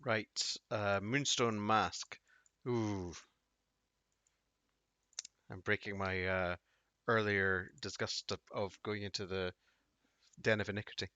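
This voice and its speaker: A man's voice: lowish voice, steady tone, slow pace, long pauses, bright, forceful tone, no echo. A man streaming a game, making wry, chatty asides and thinking aloud as he plays. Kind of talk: casual live gameplay commentary. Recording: dull dry home audio.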